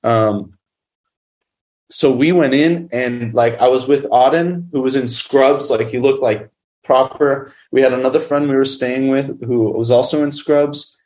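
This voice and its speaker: A man's voice: mid-range voice, a little slow, darkish tone. A man who makes documentaries, telling a story in a casual, rambling way, full of fillers. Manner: rambling, filler-heavy with constant "like". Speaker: documentary filmmaker.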